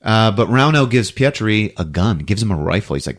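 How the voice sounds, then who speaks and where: A man hosting a podcast who recaps a movie in a casual, animated storytelling way. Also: fairly low pitch, fairly quick. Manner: animated storytelling, acting out scenes. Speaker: podcast host.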